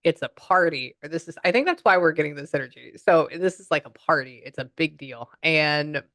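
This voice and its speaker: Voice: medium pitch, a little fast, a bit bright, no echo. A psychic medium, chatting through a spirit reading and relaying messages.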